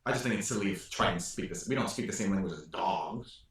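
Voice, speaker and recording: A man with a Welsh accent running a tabletop game as game master, talking casually and laughing often. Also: sits low. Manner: laughing often, animated and quick. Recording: far from mic, very echoey room.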